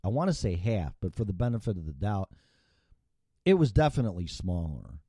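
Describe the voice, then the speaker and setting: A man's voice: sits low, sing-song, brisk, dark tone, breathy edge, dry recording, studio quality. A middle-aged American man hosting a show, ranting with profanity and heavy sarcasm. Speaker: show host. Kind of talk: solo political rant.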